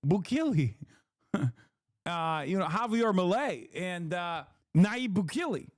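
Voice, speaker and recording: A man's voice: sits high, expressive, takes it slowly, no room sound, clean studio sound. A man streaming live, reacting to clips with profane, laughing asides. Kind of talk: live commentary.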